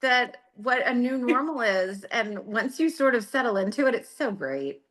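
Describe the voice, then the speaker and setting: Woman guest, forties, bright clear tone, measured and open. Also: a little high, lively intonation. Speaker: podcast guest. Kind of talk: casual interview chat.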